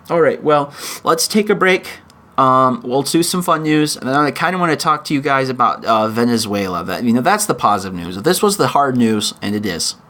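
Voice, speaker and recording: A man hosting his own podcast, delivering an emotional, pleading opinion monologue with frequent halting restarts. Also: medium pitch, expressive, pushed and bright. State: in chronic pain. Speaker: podcast host.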